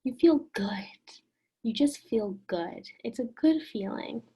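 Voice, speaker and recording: Gentle encouraging woman teacher, husky voice. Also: a little high, lively intonation, slow pace. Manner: gentle, encouraging, often asks the listener. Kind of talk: online lesson.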